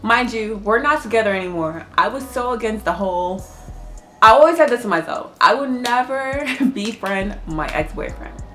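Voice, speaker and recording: A woman's voice: fairly high pitch, lively intonation, normal speed, bright, forceful tone, soft background music. A young woman telling a story in casual, profane chat, laughing as she goes. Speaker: vlogger.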